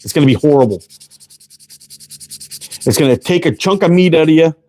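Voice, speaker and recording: A man's voice: fairly high pitch, lively intonation, a little fast, a little mellow. A man hosting a casual livestream while working in his shop, chatting loosely and swearing freely as he greets viewers by name. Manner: laid-back, profane, greets viewers by name. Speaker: livestream host and slingshot maker. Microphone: camera close up, leaning in to read chat.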